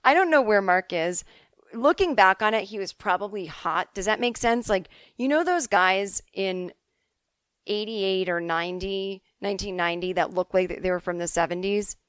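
A middle-aged woman from the Boston suburbs hosting a podcast, telling stories in a casual, animated way and swearing freely. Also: medium pitch, normal speed, smooth, no room sound, studio quality. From Boston suburbs, USA. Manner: chatty, animated, swears freely, acts out quotes. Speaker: podcast host answering listener emails. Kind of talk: casual comedic storytelling.

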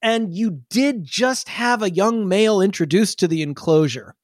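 A man narrating a tabletop role-playing game as game master, in a relaxed, rambling way. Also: high-pitched, moderate pace, no room sound, clean studio sound. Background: background music.

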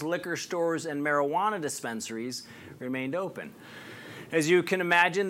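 A man's voice: medium pitch, a bit bright, slight background noise. A man hosting an interview show, introducing a guest and asking questions with emphatic, indignant delivery. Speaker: show host.

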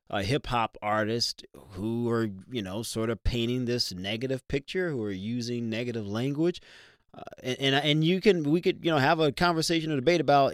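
A man with a mid-pitched voice hosts a talk radio show in a dry, close sound. He talks in an energetic, conversational way, with quick asides to his listeners and callers. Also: dry recording.

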